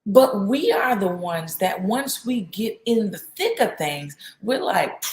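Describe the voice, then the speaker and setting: A woman's voice: mid-range voice, lively intonation, a little mellow. A woman in her thirties giving a casual devotional talk, chatting and acting out her family's lines. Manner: conversational, acts out her family's lines in quick bursts. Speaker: host of a faith talk show. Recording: roomy echo.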